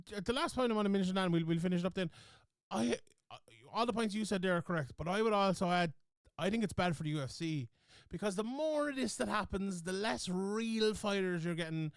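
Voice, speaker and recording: A man's voice: high-pitched, clear, resonant tone, no echo, studio quality. A man hosting a podcast, talking bluntly and swearing casually as he wraps up with plugs. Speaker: podcast host.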